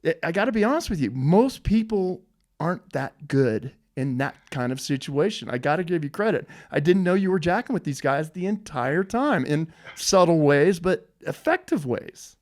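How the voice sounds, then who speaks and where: A male podcast host with a somewhat high voice who talks in an emphatic way and drives his points home by saying them twice. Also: sing-song, normal speed. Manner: emphatic, admiring, repeats phrases. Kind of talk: interview conversation.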